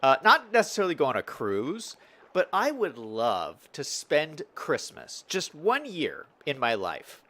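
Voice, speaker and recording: A young man with a medium-pitched, fairly bright voice chats upbeat during a live stream, commenting casually on his city-building game and reading out chat messages.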